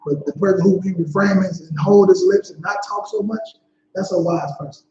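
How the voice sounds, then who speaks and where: A man with a high-pitched voice explains scripture in a relaxed, slangy way, filling gaps with "you know what I'm saying." The sound is dull, in an echoey room. A low hum sits behind him. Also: moderate pace. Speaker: Bible study leader. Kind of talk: casual scripture teaching. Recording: dull echoey livestream audio.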